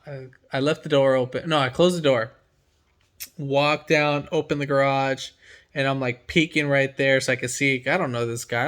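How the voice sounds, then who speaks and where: A man's voice: mid-range voice, a bit bright. A man who works as a mechanic from home, telling a story in casual chat and acting out his own reactions with energy.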